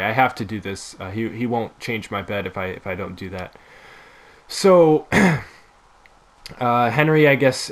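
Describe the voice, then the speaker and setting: A man commentating on his own gameplay in a casual, excitable, goofy way. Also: lowish voice. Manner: excitable and goofy, with quick bursts of exclamations. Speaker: gaming video host.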